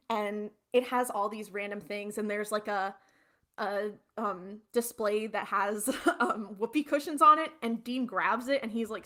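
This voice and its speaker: A woman's voice: mid-range voice, a bit bright. A woman podcast co-host, retelling a TV episode in a rambling, casual way with lots of fillers. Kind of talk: casual recap chat.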